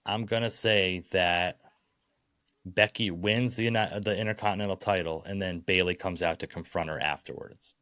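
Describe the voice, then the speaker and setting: A man co-hosting a relaxed wrestling talk show, with a very low voice recorded close and dry. He chats casually and hams up his picks like a ring announcer. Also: moderate pace, dry recording. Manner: playful, builds up picks like an announcer. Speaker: podcast co-host. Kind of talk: casual wrestling prediction chat.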